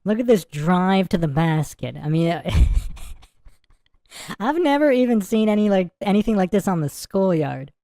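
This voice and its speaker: Her voice is mid-range and dark, animated but unhurried, with no echo on the recording. As host of a casual livestream, she reacts to a sports clip in a rambling, repetitive way, giggling and breaking into laughter over and over.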